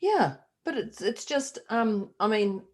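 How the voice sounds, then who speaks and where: A middle-aged woman co-hosting a casual podcast chat, animated and laughing often as she acts out quoted voices. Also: medium pitch, takes it slowly. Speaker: podcast co-host.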